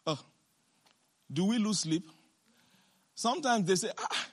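A woman preacher delivering an emphatic sermon, asking the congregation question after question and breaking into shouts and laughter. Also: mid-range voice, lively intonation, breathy edge. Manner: asks the congregation rapid rhetorical questions.

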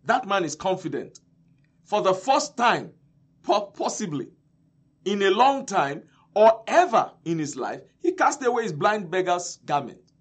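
A male preacher delivering a sermon, emphatic and repetitive, swinging between loud and soft. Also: high voice, sing-song, measured pace, slightly rough.

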